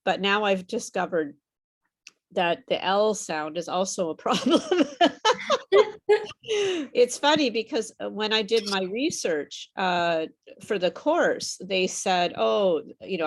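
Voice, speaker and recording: A woman tutoring a small online class in pronunciation, modelling words and repeating them patiently. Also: fairly low pitch. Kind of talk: online group lesson.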